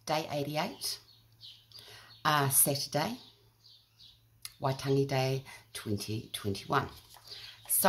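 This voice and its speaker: A woman's voice: very deep voice, a bit bright, a little hiss or hum. A middle-aged woman with a New Zealand accent, telling self-mocking stories in a chatty vlog. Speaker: vlogger. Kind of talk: casual storytelling to camera.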